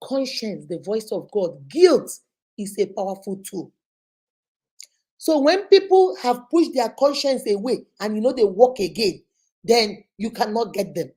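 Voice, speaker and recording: Mellow-voiced Nigerian woman telling a story. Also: mid-range voice, sing-song, a little slow, husky. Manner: vivid storytelling, mixing in Pidgin phrases. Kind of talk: storytelling talk.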